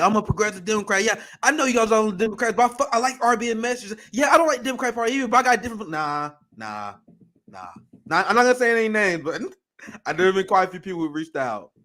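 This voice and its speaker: Fired-up high-voiced male political host. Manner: heated, profane, swings into outraged shouting. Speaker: show host. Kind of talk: political commentary stream reacting to a video.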